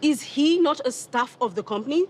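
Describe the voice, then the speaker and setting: A woman's voice: high-pitched, lively intonation, brisk, a little mellow, slight background noise. A woman with a Nigerian accent playing a haughty young company executive in a TV drama, talking in a cold, cutting, condescending way. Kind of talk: TV drama acting.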